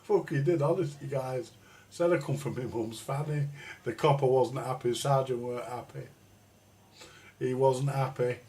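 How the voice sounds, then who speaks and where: A middle-aged livestreamer from England holds a casual, blunt ranting chat laced with swearing. Through his live stream mic, his mid-range voice sounds mellow, with fairly even intonation and a moderate pace.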